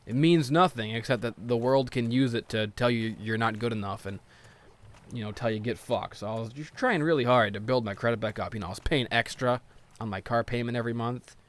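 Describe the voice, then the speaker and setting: A man's voice: medium pitch, brisk. A man ranting in grumbly, profane, casual gameplay commentary.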